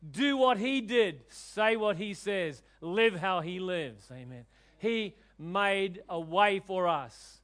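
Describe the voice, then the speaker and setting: A man. He brings quoted voices to life and swings from loud proclamations to soft, confiding asides. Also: sits high, expressive, slow. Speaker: preacher. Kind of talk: sermon.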